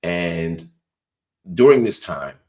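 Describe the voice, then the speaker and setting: A man with a very low, deep voice hosts a casual talk-show monologue. He sounds middle-aged and relaxed, and he reads viewer comments aloud in an easy, conversational way. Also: slow pace. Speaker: show host.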